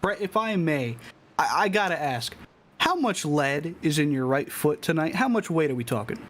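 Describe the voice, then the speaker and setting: A man's voice: a little high, animated, normal speed, a bit bright, slight background noise. Hesitant male rookie race broadcaster. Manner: hesitant, self-described rookie. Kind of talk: sim racing results rundown.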